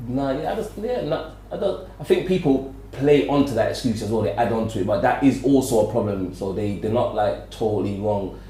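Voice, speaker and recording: A man's voice: medium pitch, lively intonation, a little fast, hardly any pauses, warm tone. A middle-aged man from Birmingham with a Birmingham accent mixed with South London, chatting loosely as a podcast guest, full of restarts and fillers. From Birmingham, England. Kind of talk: casual interview chat. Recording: echoey room.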